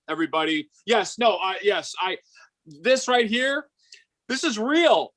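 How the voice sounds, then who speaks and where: A man in his forties doing stand-up, with a high voice and a bright, forceful edge. He talks in a hyper, animated way and keeps stammering and restarting. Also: a little slow. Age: 40s. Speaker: stand-up comedian. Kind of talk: stand-up set.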